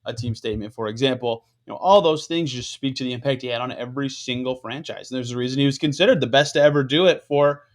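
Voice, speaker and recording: A man hosting a casual sports podcast, talking it through conversationally. His voice sits at an ordinary middle pitch, and he leans on plenty of fillers as he goes. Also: quick pace, few pauses. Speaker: podcast host.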